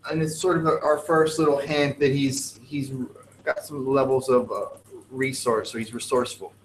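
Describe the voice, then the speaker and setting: Man, teacher, classroom lecture, animated, joking, echoey room. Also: medium pitch, normal speed, slight background noise. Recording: echoey classroom with faint ambience.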